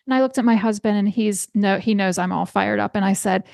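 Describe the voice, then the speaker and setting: A woman's voice: medium pitch, quick pace, vocal fry, few pauses, a little mellow, no echo, studio quality. A middle-aged woman hosting a solo podcast, telling a story with passion and building to emphatic, repeated calls for change. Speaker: podcast host.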